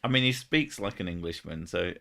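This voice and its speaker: A man's voice: low voice, animated, brisk, creaky, fairly bright tone. Joking, swearing man on a stream. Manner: swears often, laughs between jokes. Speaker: streamer host. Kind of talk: casual stream chat.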